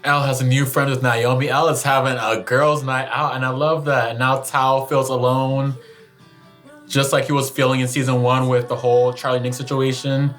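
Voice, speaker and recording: A man hosting a YouTube reaction video, animated and emotional, talking back to the screen. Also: medium pitch, normal speed, faint music behind. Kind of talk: casual reaction commentary.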